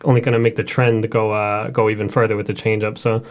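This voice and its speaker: A man co-hosting a fantasy baseball podcast, talking through stats in a steady, measured way. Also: lowish voice. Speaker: podcast co-host. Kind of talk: casual sports podcast chat.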